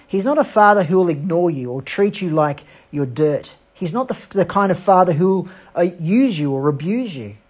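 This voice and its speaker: Husky-voiced woman preacher. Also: fairly low pitch, lively intonation, darkish tone. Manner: earnest, emphatic preaching with dramatic pauses. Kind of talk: sermon.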